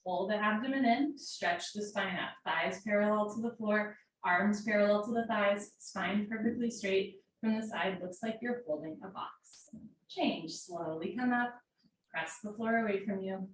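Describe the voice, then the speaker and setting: A woman teaching a live yoga class from home, calling out poses in steady, directive short commands. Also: mid-range voice, unhurried. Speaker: yoga instructor. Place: home room. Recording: very echoey room, mic far off, faint noise.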